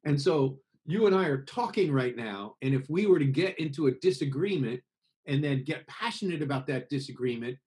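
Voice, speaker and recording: A man from America being interviewed about singing, explaining with lively examples and acted-out voices. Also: a little high, moderate pace. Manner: expressive, acts out voices to make points. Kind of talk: conversational interview over a call.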